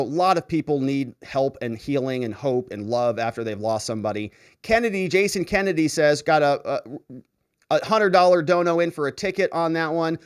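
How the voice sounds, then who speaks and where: A man hosts a casual livestream, reading viewer comments aloud and laughing often. His voice sits a little high and moves with very lively swings in pitch. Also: smooth. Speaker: show host reading live chat.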